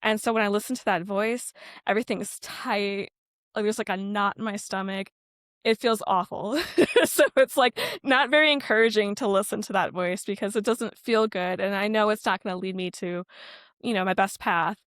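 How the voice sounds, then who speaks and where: A woman's voice: medium pitch, normal speed, a bit bright, dry recording, clean studio sound. A young adult woman, a podcast guest and coach, talking candidly and reflectively, with frequent fillers and light laughs. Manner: earnest, reflective, laughs often, many fillers. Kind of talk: candid interview talk.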